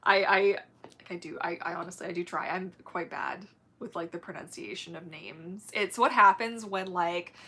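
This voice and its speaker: A woman with German as her first language talks casually to her livestream viewers. Her voice is bright and forward, and she gushes, laughs a lot and strings thoughts together with many fillers. She sounds like she is at a home streaming mic. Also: on the low side, moderate pace, breathy edge. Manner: chatty, gushing, laughs often, many fillers. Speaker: livestream host.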